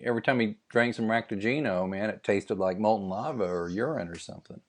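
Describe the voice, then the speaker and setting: A middle-aged man co-hosting a podcast, riffing with jokey, animated asides. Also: fairly low pitch, fairly quick. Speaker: podcast co-host. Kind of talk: casual chat.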